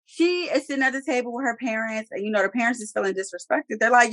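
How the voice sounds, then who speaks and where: A woman's voice: fairly high pitch, fast talker, fairly bright tone, no echo. A woman co-hosting a reality TV recap, blunt and emphatic, repeating her punchlines and swearing freely. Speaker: podcast co-host. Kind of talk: casual reality TV recap chat.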